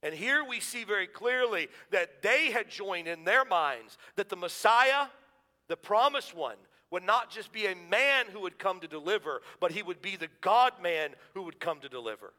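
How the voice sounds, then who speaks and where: A man's voice: sits high, lively intonation, normal speed, pushed and bright, long reverb tail. A man preaching a sermon, earnest and rhetorical, stacking questions and building to emphatic declarations.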